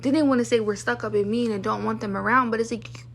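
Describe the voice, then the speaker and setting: A young woman tells stories to her vlog camera in a loose, rambling rant. Her voice sits a little high, and she sounds exasperated and fed up. She fills her talk with "like" and acts out the lines of the people she is complaining about. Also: fairly even intonation, fast talker, creaky, a bit bright, slight background noise. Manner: exasperated, lots of "like", acts out what others said. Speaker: vlogger. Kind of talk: casual storytime rant.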